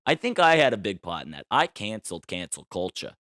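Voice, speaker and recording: A man's voice: on the low side, sing-song, brisk, a bit bright, dry recording, studio quality. A man hosting a solo podcast in a casual, playful style, boasting tongue-in-cheek and chatting loosely about the news. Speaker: podcast host.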